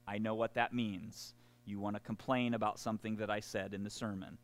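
A man's voice: lowish voice, fairly quick. A man preaching a sermon as pastor, chatty and self-deprecating, with many restarts. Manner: conversational, animated, self-deprecating, frequent "y'all" and restarts.

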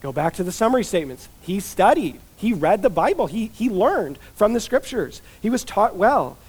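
A man's voice: high voice, very animated, moderate pace, darkish tone, slightly rough. A man giving a conversational expository sermon as a pastor, chatty and informal, full of "like" and "you know" asides.

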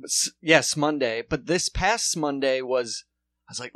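A man's voice: mid-range voice, a little slow, fairly bright tone, no room sound. A man co-hosting a podcast, rambling sarcastically and swearing a lot in casual chat. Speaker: podcast co-host.

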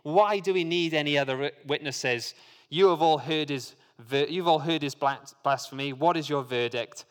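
An indignant old high priest, read aloud by a man teaching. His voice rises in outrage. A long reverb fills the space around him. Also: normal speed, smooth, lightly acted. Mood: outraged.

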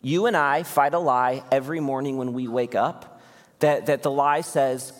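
A man's voice: medium pitch, fairly even intonation, normal speed. A man in his thirties preaching a sermon as pastor, talking earnestly and conversationally with direct appeals to his listeners. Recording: hall reverb.

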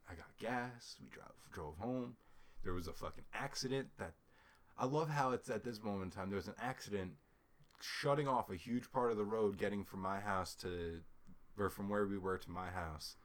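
A man's voice: on the low side, normal speed. A man telling a frustrating story in casual chat, cursing heavily and acting out both sides of arguments with lots of "like" and "right?". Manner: heavy cursing, animated retelling with quoted back-and-forth; frequent "like" and "right?" fillers, laughs mid-sentence.

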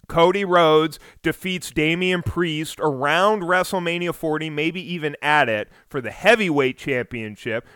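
A man hosting a casual podcast, talking in an excitable, rambling way and swearing often. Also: a little high, smooth, no echo, studio quality. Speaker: podcast host. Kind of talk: casual wrestling podcast chat.

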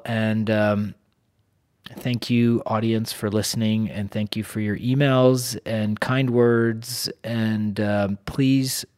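A male podcast host with a somewhat low voice who talks very slowly. He reads his sponsor message and sign-off in a loose, rambling way and fills the pauses with ums and uhs. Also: a little mellow. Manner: unhurried, rambling with many fillers. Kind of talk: sponsor read and outro.

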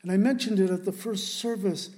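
High-voiced, impassioned male preacher. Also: mellow. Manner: earnest and impassioned, with halting restarts. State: emotional. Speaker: pastor. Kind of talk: sermon.

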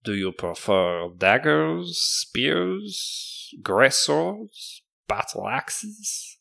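A man voicing a male elf shopkeeper who speaks in a soft, drawn-out way with a fake French accent. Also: medium pitch, sing-song, creaky, voice pushed up, exaggerated voice. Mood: hushed. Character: male elf shopkeeper faking fancy manners.

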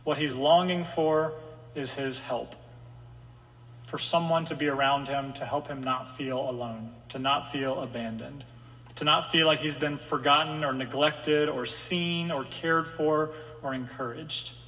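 A man's voice: a little high, fairly even intonation, measured pace, pushed and bright. Man preaching in a reverberant hall. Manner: conversational preaching, voices the psalmist's pleas. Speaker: pastor. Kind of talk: sermon. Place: room with an audience.

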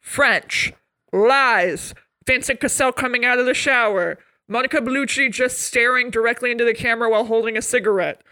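A woman's voice: on the high side, brisk, pushed and bright, smooth, no echo. A woman co-hosting a podcast in casual, joking chat that rambles playfully. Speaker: podcast co-host.

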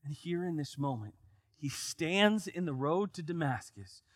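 A man's voice: a little high, lively intonation, unhurried, dry recording. A man preaching a sermon, reading scripture aloud and then explaining it with rising emphasis.

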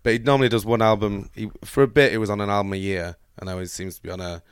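Fast-talking low-voiced man. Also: fairly even intonation, clean tone, dry recording. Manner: fast-talking, enthusiastic, dry asides. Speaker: podcast co-host. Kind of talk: casual music chat.

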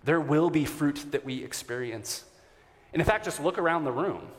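A man preaching a sermon to his congregation as their pastor, earnest and warm, with occasional fillers and restarts. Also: a little high, moderate pace. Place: church sanctuary. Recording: reverberant church hall.

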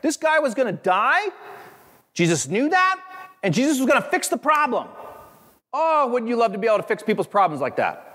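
A man preaching a sermon, animated and conversational, with friendly asides to the congregation. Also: extremely high pitch, long reverb tail. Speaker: pastor.

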